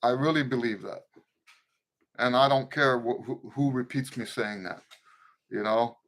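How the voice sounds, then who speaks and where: A man's voice: medium pitch, a little slow, fairly bright tone. A middle-aged man teaching trumpet in a live question-and-answer stream, talking loosely through his points and singing out tonguing syllables. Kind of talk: casual spoken lesson with playing demonstrations.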